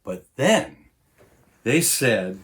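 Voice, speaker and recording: A man's voice: mid-range voice, sing-song, drawn-out words, a bit bright. A man, a stand-up comedian, telling a story in a laid-back monologue.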